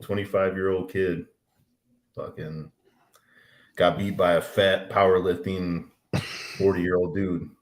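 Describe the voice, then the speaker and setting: A man in his forties with a very low voice tells a long, swear-filled story in casual podcast chat. His voice rings out in a roomy, echoey space. He delivers it animated and blunt. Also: takes it slowly, pauses often. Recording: roomy echo.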